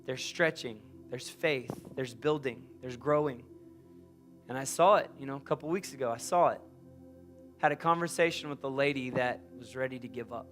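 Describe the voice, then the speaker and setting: A man preaching a sermon as a pastor, emphatic and personal, swinging from loud urging to quiet confiding. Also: medium pitch, moderate pace, faint music behind.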